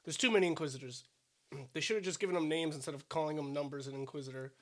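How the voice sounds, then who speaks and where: A man's voice: fairly high pitch, racing, fairly bright tone. A man co-hosting a casual eating podcast, chatty and hedging with fillers as he talks. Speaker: podcast co-host. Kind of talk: casual chat while eating.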